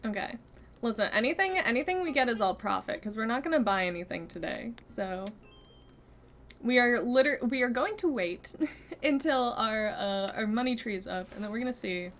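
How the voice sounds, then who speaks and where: A young woman streaming a game, chatting casually to her viewers, giggling and thinking out loud. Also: fairly high pitch, animated, normal speed. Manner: chatty, giggly, talks to chat and herself. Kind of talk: casual gameplay chat.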